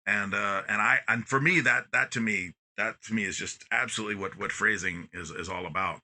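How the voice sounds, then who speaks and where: A man talking as a podcast guest in casual conversation, very expressive, constantly stressing and softening words. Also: lowish voice, fairly quick. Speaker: podcast guest, music educator.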